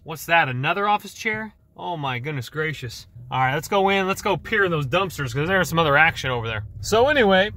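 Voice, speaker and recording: Bright, high-voiced excitable man vlogging outdoors. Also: brisk, hardly any pauses. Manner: chatty, excitable, thinking aloud. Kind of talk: casual vlog narration while dumpster diving. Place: outdoors by apartment complex dumpsters.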